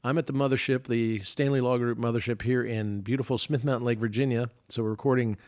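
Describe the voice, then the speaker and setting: A middle-aged man with a drawl chats on a podcast from a remote mic. He rambles through family stories and pokes fun at himself, with a voice of ordinary pitch. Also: steady tone, fast talker, darkish tone. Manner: chatty, self-mocking storyteller. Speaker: podcast co-host. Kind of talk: casual chat.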